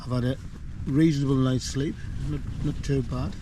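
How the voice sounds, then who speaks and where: An older man films his wild camp on a windy hillside, chatting casually in a medium-pitched, steady voice at a moderate pace. This outdoor vlog is rambling and self-deprecating, with wind noise in the recording.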